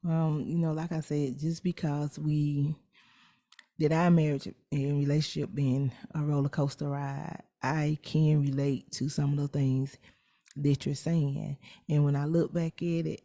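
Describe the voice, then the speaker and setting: Dark-voiced middle-aged woman podcaster. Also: low-pitched, level tone, unhurried. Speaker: podcast co-host. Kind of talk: casual conversational reflection.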